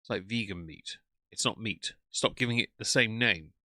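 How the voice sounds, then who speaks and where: A man's voice: lowish voice, normal speed, pushed and bright, no room sound. A man, commenting bluntly and sarcastically while reading out chat on a live stream.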